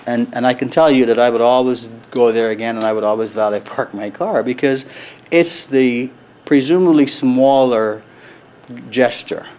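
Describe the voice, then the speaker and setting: A middle-aged man answering interview questions at a convention in an earnest, measured way, with many fillers and restarts. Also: medium pitch, a little mellow. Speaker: resort executive, interview guest. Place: convention floor.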